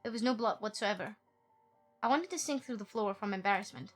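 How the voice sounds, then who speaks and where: A woman's voice: medium pitch, fairly quick, music in the background. A woman streaming a game, reading the story text aloud and joking playfully with chat, often giggling.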